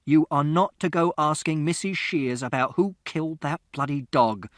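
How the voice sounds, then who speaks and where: A man doing an angry father's voice for an audiobook, scolding in a loud, raised, sharp tone. The read is dry and close, with no room sound. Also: mid-range voice, lively intonation, normal speed, no room sound, lightly acted. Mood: furious. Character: stern, short-tempered father at the supper table.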